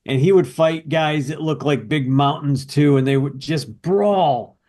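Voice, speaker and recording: A man's voice: on the high side, a little slow, hardly any pauses, a little mellow. Enthusiastic man co-hosting a podcast. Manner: enthusiastic, nostalgic storytelling. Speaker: podcast co-host. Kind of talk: casual podcast chat.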